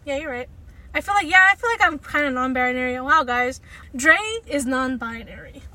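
A woman co-hosting a casual podcast, chatting in slang with frequent cursing and loud bursts of laughter. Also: high voice, moderate pace, no room sound, distant mic. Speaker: podcast co-host. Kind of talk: casual chat.

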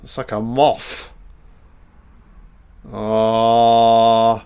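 Excitable man reacting to a film. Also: mid-range voice, extremely slow, smooth. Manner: excitable, heavy swearing, reacts aloud to the screen. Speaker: film commentator. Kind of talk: casual film commentary.

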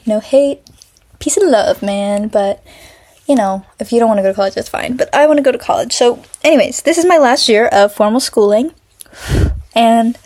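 A woman's voice: a little high, a little mellow. A teenage girl hosting her own podcast, rambling casually with lots of fillers and restarts from her bedroom. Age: teens. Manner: rambling, filler-heavy, self-interrupting. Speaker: podcast host. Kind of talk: casual solo podcast chat.

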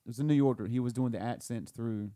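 A man's voice: medium pitch, quick pace, warm tone, dry recording, clean studio sound. A man chatting casually with friends, laughing often and trying out impressions. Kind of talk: casual chat.

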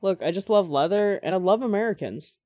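A woman's voice: medium pitch, lively intonation, a little fast, dry recording, narrow, tinny audio. A woman chatting casually and sarcastically, often slipping into mocking voices. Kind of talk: casual comedic chat.

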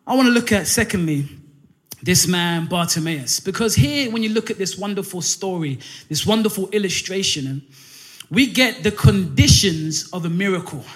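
A man preaching a sermon, animated, often saying "listen" and "um" between phrases. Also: high voice, moderate pace.

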